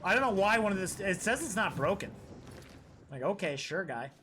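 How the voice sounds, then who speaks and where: A man's voice: sits high, very animated, normal speed, bright, forceful tone, a little hiss or hum. A man streaming live, rambling through opinions in casual, profane chat.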